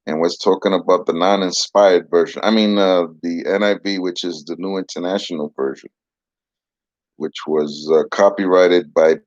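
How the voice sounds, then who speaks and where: A man's voice: low-pitched, dry recording. A man giving a casual Bible lesson with a puppet, talking in a soothing, patient, rambling way, on a dull, dry lo-fi recording.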